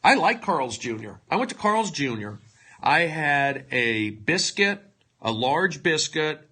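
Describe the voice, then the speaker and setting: Erratic, husky-voiced male comedian rambling. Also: on the high side, big pitch swings, takes it slowly. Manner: erratic, swings from loud outbursts to hushed mutters; self-mocking, mock-dramatic asides. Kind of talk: rambling livestream monologue. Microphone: phone livestream.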